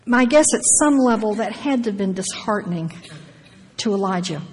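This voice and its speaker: A woman's voice: medium pitch, expressive, normal speed, a little mellow, husky, in a large hall. A woman preaching a sermon, reading scripture aloud and adding emphatic, personal asides between the verses.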